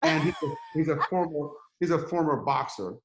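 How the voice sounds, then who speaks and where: A middle-aged man, a podcast guest, telling a story in a lively, casual way and acting out the quotes. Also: fairly high pitch, fairly quick, reverberant, background noise. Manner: animated, acts out quotes in a rising voice.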